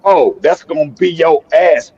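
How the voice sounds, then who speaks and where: A man's voice: fairly high pitch, a little slow, a little mellow, husky, muffled recording. A heated man arguing on an online panel, swearing hard and stammering over repeated words. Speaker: panel guest. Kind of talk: heated live panel debate. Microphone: online call audio.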